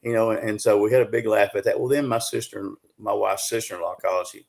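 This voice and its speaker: A middle-aged Southern US man with a fairly low voice spins a long tale in a folksy, unhurried way. He leans on fillers and restarts as he talks through it on a live show. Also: fairly even intonation, gravelly. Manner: folksy, drawn-out storytelling with many fillers. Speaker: guest, Bigfoot researcher. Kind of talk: casual storytelling on a live show.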